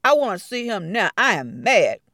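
An obstinate old man, voiced by a woman telling a fable, who refuses all help and grows aggrieved and insistent. His pitch swings widely from phrase to phrase. The recording is dry and close. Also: big pitch swings, normal speed, fairly bright tone, dry recording. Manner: indignant, insistent. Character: stubborn, angry old man waiting on God.

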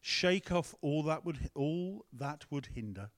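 A man's voice: on the high side, animated, takes it slowly. A man preaching a conversational sermon, breaking off to ask the room and the tech team for help. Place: church hall with a screen.

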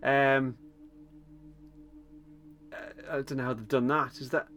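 A man in easygoing podcast chat, his voice sitting at an ordinary middle pitch. He rambles a little, fills gaps with ums and breaks into laughter often. A faint hiss sits under his voice. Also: steady tone, takes it slowly, a bit bright. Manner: chatty, laughs often, hesitant with many ums. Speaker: podcast co-host. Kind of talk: casual chat recapping a TV episode.

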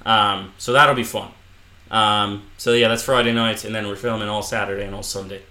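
A man's voice: lowish voice, steady tone, sharp tone, reverberant. A young Irish man co-hosting a podcast in casual, joking, rambling chat. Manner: joking, rambling, quick to laugh. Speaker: podcast co-host.

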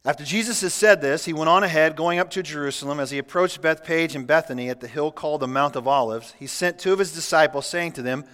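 A man's voice: a little high, fast, few pauses, a bit bright. Preaching man in an echoing church. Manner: conversational, reads scripture aloud and asides with humor. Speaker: pastor. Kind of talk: sermon. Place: church sanctuary. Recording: church hall with long reverb.

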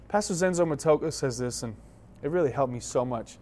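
A young male pastor delivers a sermon as an animated storyteller, acting out scenes with playful energy. He sounds a little out of breath as he talks. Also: medium pitch, brisk, a little hiss or hum.

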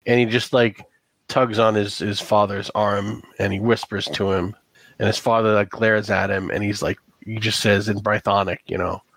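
A man's voice: lowish voice, fairly bright tone, dry recording. Guy game-mastering a tabletop game, trips over his words a lot, dry close sound. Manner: halting, many restarts and fillers.

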